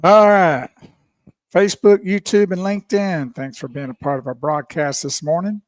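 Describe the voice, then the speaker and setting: A man co-hosting a radio show, easygoing and quick to laugh. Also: sits high, no room sound, studio quality. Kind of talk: casual radio chat.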